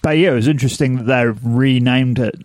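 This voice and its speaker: Kiwi co-host, mid-pitch, close dry mic, level explainer. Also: male voice, steady tone, quick pace, a little mellow, no room sound. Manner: matter-of-fact, explaining. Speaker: podcast co-host. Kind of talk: casual chat.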